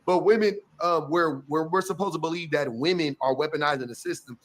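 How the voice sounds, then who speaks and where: Guy ranting over a clip, slightly high voice, cusses, keeps restarting. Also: fairly quick. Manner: blunt, profane, animated, restarts a lot. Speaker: commentator reacting to a clip. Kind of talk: casual reaction commentary.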